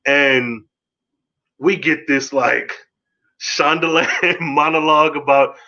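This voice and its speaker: A man hosting a podcast, giving a casual, rambling solo review of a TV episode, excitable and swearing freely. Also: a little high, slow, muffled recording.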